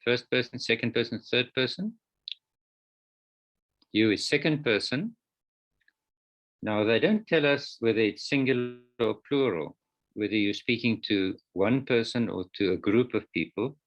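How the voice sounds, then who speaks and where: A man's voice: medium pitch, unhurried, long pauses. A man lecturing students on Greek grammar, explaining patiently step by step in an online class. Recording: dull lo-fi online call audio.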